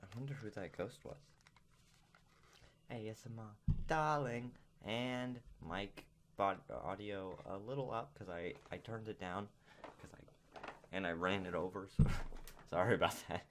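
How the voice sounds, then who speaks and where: A man's voice: sits low, normal speed, a bit bright, a little hiss or hum. Jittery young-sounding man reacting nervously. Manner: jittery, nervous chatter with self-talk. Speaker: gaming vlogger. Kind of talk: casual reaction commentary. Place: home recording setup.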